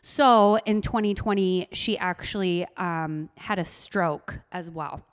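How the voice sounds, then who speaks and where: A woman's voice: on the low side, slow pace, clean tone. A woman in her thirties, a podcast guest, telling her story candidly in casual chat. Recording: long room reverb.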